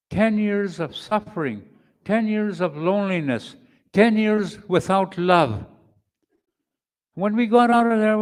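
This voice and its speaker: High-voiced older man giving testimony. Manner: slow, emphatic, with repeated phrases and demonstrations. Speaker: speaker at a men's conference. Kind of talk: personal testimony talk.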